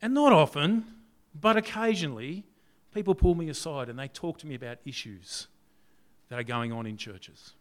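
A man preaching a conversational sermon, leaning on rhetorical questions and swinging between loud and soft. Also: on the high side, expressive, moderate pace.

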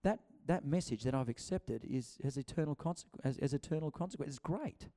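Chatty preacher, mellow voice. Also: male voice, a little high, animated, brisk. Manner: chatty, acts out quotes, many restarts. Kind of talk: conversational sermon.

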